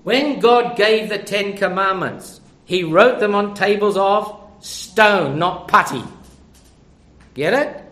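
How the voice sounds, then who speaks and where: A man's voice: high-pitched, slow, bright, forceful tone. An older man preaching a sermon, conversational and full of rhetorical questions.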